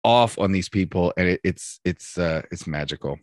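A man co-hosting a podcast, telling stories in crude, animated casual chat. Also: low voice, normal speed, no echo, studio quality.

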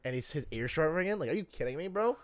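A young man co-hosting a casual podcast chat, excitable and swearing, swinging between loud and quiet. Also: a little high, quick pace, dry recording. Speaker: podcast co-host.

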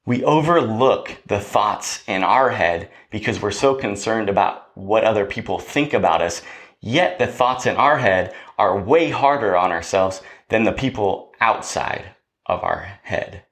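A man's voice: lowish voice, lively intonation, a little slow, fairly bright tone. A man hosting a podcast, giving a motivational talk in a preachy way, often checking in with "right?". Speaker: podcast host.

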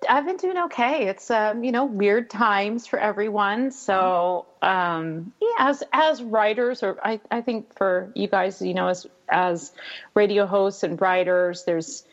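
A woman from Northern California, a writer and guest, telling stories in relaxed, chatty conversation. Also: medium pitch, a little slow, lo-fi sound. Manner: chatty, storytelling. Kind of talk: casual chat.

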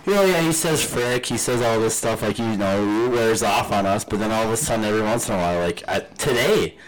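A man's voice: on the low side, a little fast, a little hiss or hum, low-quality recording. A man hosting a casual podcast chat, laughing often and telling rambling stories with a slight slur. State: tipsy. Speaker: podcast host.

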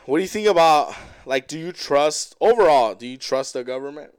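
A man's voice: a little high, expressive, fairly quick, clean tone, no echo. A man from co-hosting a podcast, chatting casually and telling loose, profane stories with acted-out quotes. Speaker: podcast co-host. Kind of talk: casual chat.

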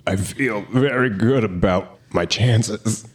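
A man playing a deadpan sewer-dwelling creature on a game show. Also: lowish voice, slow pace. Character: sewer creature contestant Gorbin, calm.

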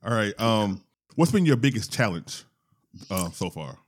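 Halting low-voiced male podcaster. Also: sing-song. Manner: halting, repeats words, frequent brief agreements. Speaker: podcast co-host. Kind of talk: casual chat.

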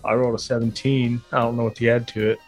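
A man playing in a tabletop game, talking in a low-key, matter-of-fact way. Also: flat delivery, fast talker, a little mellow, soft background music. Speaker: player. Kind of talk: casual game chat.

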